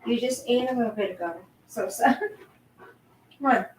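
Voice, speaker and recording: A woman's voice: fairly high pitch, measured pace, a little hiss or hum. A woman hosting a casual livestream from home at night, chatty and apologetic, cooing at her pet in between. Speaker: livestream host.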